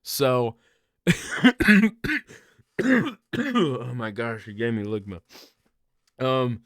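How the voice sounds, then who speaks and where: Young male podcast co-host, animated comic storyteller, slow easy delivery, dry close mic. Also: medium pitch, no echo. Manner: animated, laughs often, breaks into loud yelled bits. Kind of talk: casual comedic storytelling.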